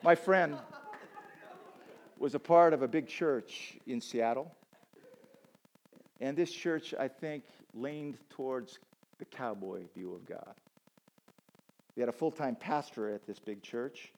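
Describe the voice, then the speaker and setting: A man preaching a sermon, animated and joking, often repeating words as he stumbles. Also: mid-range voice, slow, long pauses, slight background noise, poor audio. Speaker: pastor.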